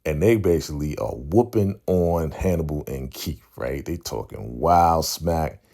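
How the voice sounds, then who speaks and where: A man's voice: rumbling low, unhurried, warm tone. A man hosting a casual TV episode recap, laid-back and conversational, often checking in with "right?" and acting out the characters' lines. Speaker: TV recap channel host.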